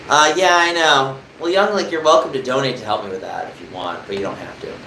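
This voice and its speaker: A man's voice: medium pitch, quick pace, pushed and bright, roomy sound, slight background noise, poor audio. A young man from New Jersey chatting casually on a live stream, rambling and answering viewers' comments. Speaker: livestreamer.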